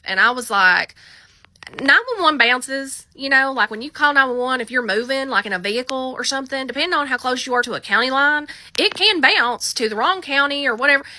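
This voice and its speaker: A woman's voice: on the high side, sharp tone, no room sound. An American woman who works as a 911 dispatcher, telling a story in a chatty, wry storytime style. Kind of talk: casual storytime vlog.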